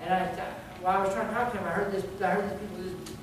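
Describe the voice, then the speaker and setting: A man's voice: high-pitched, fairly even intonation, racing. A male pastor preaching a sermon in a conversational way, often restarting and repeating words as he goes. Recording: very echoey hall, distant mic, background noise.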